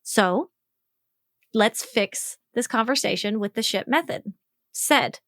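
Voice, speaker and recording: Brief: high-pitched woman relationship coach, frank and animated, acts out both sides, dry close sound. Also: slow pace, long pauses, no echo. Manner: frank, swears casually. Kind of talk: solo podcast explainer.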